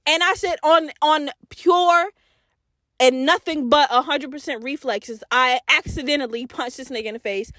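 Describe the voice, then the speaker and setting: A woman hosting a podcast, telling a story in a casual, animated and profane way, laughing and acting out voices. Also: high voice, brisk, few pauses, no room sound, clean studio sound. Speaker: podcast host.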